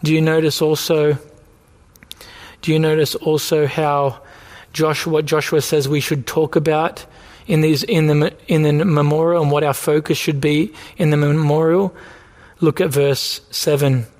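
A man delivers a sermon from the pulpit, his voice sitting fairly high for a man. He preaches earnestly, circling back to the same point and pressing the congregation with repeated rhetorical questions. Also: flat delivery, measured pace, darkish tone. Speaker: pastor.

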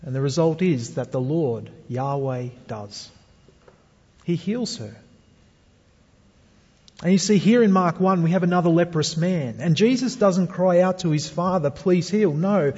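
A man's voice: on the high side, a little mellow, breathy edge. A male pastor preaching a sermon, earnest and speaking to the congregation with rhetorical questions. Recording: dull sound with long hall reverb.

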